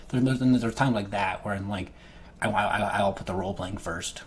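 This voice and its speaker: A man's voice: fairly low pitch, brisk, slight background noise. A man talking casually as a game master, often restarting and repeating words mid-sentence. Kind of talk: casual talk to camera.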